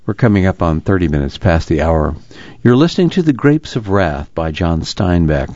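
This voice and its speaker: A man announcing and reading an audiobook aloud on a radio reading service, in a measured, plain manner, in a dull lo-fi recording. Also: sits low, big pitch swings, a little mellow, dry recording.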